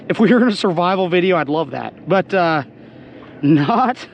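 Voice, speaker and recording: A man hosting a fishing vlog, talking casually while he cleans and cooks fish, hoarse as he loses his voice. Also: high voice, lively intonation, measured pace, a little hiss or hum. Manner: chatty, exclaims often. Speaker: fishing channel host. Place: outdoors on a boat.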